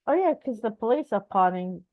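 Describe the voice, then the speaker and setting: A woman's voice: fairly high pitch, expressive, a little fast, no echo, phone-quality sound. A woman answering trivia questions in a playful, silly way at a casual games night. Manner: playful, silly, giggly storytelling. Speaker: trivia game player, channel host. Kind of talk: casual party game chat.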